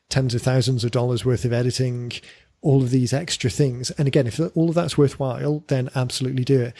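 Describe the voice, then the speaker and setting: A man's voice: mid-range voice, warm tone, dry recording, clean studio sound. A man co-hosting a podcast, talking casually and thinking aloud with fillers and repeated words. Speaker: podcast co-host.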